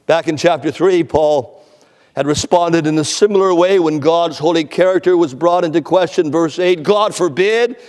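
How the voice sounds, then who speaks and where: A man's voice: on the high side, normal speed, a little mellow, in a large hall. A man preaching an expository sermon, emphatic, repeating words for stress and often stammering on the first word.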